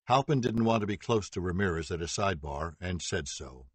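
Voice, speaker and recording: A man reading a true-crime audiobook as narrator, steady and even, voicing quoted dialogue lightly. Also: low voice, fairly quick, husky, no echo. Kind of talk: scripted narration.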